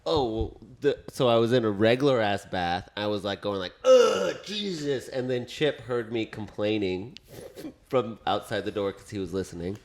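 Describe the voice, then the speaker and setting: A man co-hosting a casual comedy podcast, telling stories in an animated way and acting out what people said. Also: on the low side, moderate pace. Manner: animated storyteller who acts out what people said. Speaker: podcast co-host.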